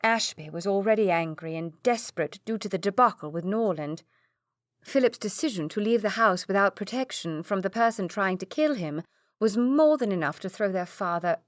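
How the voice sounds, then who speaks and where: A woman reading an audiobook in steady scripted narration. Her voice sits a little low, and the recording is very dry and close. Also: no room sound. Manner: steady storytelling.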